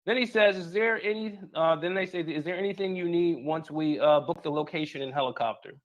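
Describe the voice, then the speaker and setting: Man reading messages in a slightly high voice. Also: fairly quick. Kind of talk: reading out messages and recounting events.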